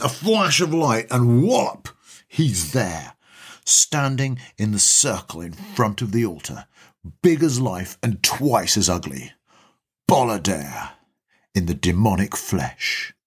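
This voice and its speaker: Man, storyteller, wry chatty narration, husky, animated. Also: lowish voice. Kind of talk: reading a comic short story.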